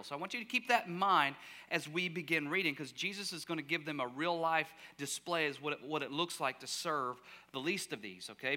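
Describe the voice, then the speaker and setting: High-voiced guy preaching, bright and crisp, acts out the story big. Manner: animated storytelling, acting out the voices and shouting the cries; drops to a soft near-whisper at quiet moments. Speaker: pastor. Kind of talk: sermon. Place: church sanctuary.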